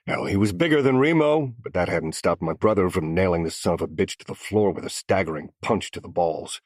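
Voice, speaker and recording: A man's voice: sits low, slightly rough, no room sound, studio quality. A man narrating a first-person crime story in scripted audiobook style, with a menacing, growling delivery.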